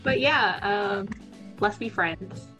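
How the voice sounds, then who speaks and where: A woman's voice: mid-range voice, slow, pushed and bright, faint music behind. A woman guest on a casual fan podcast, shy and hesitant, giggling as she introduces herself.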